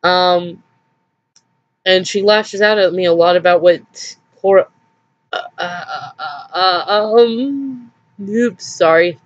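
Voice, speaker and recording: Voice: mid-range voice, takes it slowly, long pauses, dull audio. A vlogger telling a personal story in a rambling, hesitant way, with nervous little laughs, sounding upset and drained.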